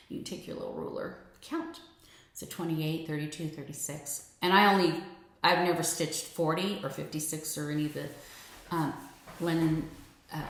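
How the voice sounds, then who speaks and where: Chatty woman in a very echoey room. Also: fairly low pitch. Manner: chatty and enthusiastic, drops to a near whisper at times. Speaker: cross-stitch vlogger. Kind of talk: casual show-and-tell chat. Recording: very echoey room with faint noise.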